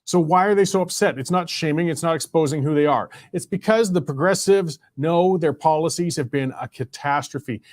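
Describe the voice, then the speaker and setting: A Canadian man hosts an opinionated talk show with a fairly high voice. His delivery is conversational and grows heated when he argues a point. The sound is dry and close, with no room around it. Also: normal speed, few pauses, no room sound. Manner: conversational, heated and rising in pitch when arguing. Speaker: show host.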